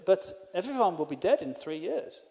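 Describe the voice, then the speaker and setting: A man doing a rough accented voice for a blunt, literal-minded middle-aged male host in a stand-up routine. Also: fairly high pitch, big pitch swings, unhurried, long reverb tail, voice pushed down. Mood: deadpan. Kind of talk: stand-up impression.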